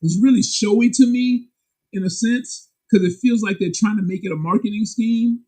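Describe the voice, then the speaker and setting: A man, a comic book publisher and guest, chatting casually in an animated, candid, slangy way. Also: moderate pace, rough recording. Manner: animated and emphatic, sharp jumps in pitch. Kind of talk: casual chat.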